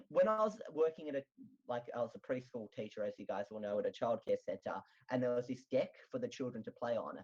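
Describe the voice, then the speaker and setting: A young chatty host with an Australian accent and a husky, breathy voice, leading a relaxed group voice chat. The sound is dull and lo-fi, like a compressed online call. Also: mid-range voice, a little fast. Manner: chatty, laughs often, storytelling.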